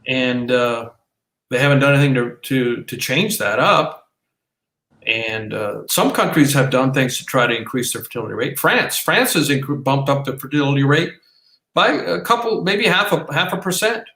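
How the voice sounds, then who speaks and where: A man's voice: mid-range voice, expressive, normal speed, a bit bright. A man co-hosting a casual podcast, talking in a rambling way with many restarts and fillers. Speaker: podcast co-host. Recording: roomy echo.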